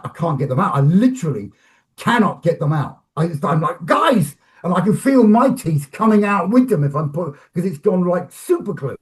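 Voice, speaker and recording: A man, a film director and actor, telling animated stories about a shoot in an interview, restarting phrases as he acts out scenes. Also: high voice. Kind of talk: animated anecdotal storytelling.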